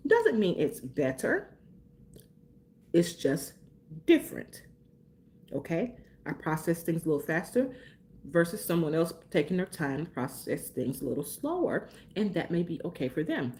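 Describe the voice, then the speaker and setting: A woman from Mississippi hosting a casual live stream, talking fast and chatting playfully with viewers while getting over a sore throat. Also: fairly low pitch, sing-song, a little mellow. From Mississippi, USA.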